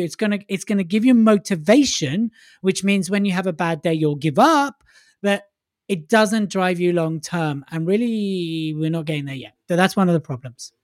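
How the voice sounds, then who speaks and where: A man's voice: high-pitched, no echo, clean studio sound. A man co-hosting a casual podcast, chatty and jokey, poking fun at himself. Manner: jokey, chatty, self-mocking. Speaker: podcast co-host.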